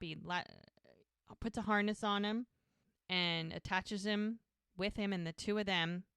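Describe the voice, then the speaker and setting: A woman's voice: on the low side, fairly bright tone, smooth, no echo, clean studio sound. A woman co-hosting a podcast, casually retelling a TV episode scene by scene, quoting the characters as she goes. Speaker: podcast co-host.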